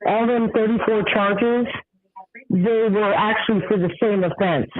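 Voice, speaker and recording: High-pitched male caller over a thin phone line, halting with fillers. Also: steady tone, dry recording. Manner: rambling, hesitant with many fillers. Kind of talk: call-in comment.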